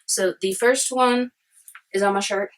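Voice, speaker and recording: A woman's voice: medium pitch, fairly even intonation, unhurried, rough recording. A woman vlogging casually about history, chatty and rambling with eager side tangents.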